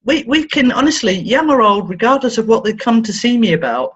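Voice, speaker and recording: Animated, slightly husky woman therapist. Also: a little fast. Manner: playful, acts out quoted voices with big pitch swings. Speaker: therapist and interview guest. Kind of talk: animated storytelling in conversation. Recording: dull lo-fi sound.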